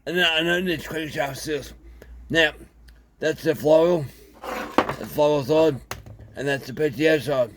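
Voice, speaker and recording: A man with an Australian accent, talking casually and haltingly through a chainsaw repair, with many fillers. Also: medium pitch, a little hiss or hum. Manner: rambling, plain-spoken, halting with fillers. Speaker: small engine repairer. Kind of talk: casual workshop video.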